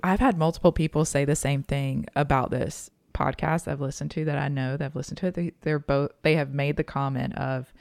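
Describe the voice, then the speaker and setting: A podcast co-host in casual chat, with a calm, relaxed voice and a faint Southern US drawl. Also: mid-range voice, fairly quick, creaky, few pauses, no room sound, studio quality. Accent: slight Southern US drawl. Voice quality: calm voice that listeners find soothing.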